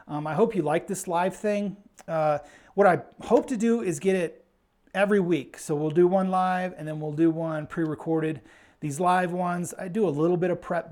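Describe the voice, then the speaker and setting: Hosting a laid-back live Q&A for a craps channel, a man with a slightly high, darkish voice chats and thinks out loud. The sound comes from a clip-on mic with a pack in an indoor room that has some echo.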